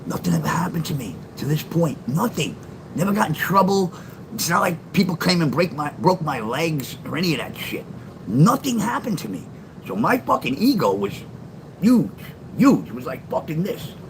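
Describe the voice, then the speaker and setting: A man's voice: fairly high pitch, very animated, normal speed, background noise. Profane older man telling stories. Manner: blunt and profane, acts out quoted lines loudly. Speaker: live-stream storyteller reading his memoir. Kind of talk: casual storytelling. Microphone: phone.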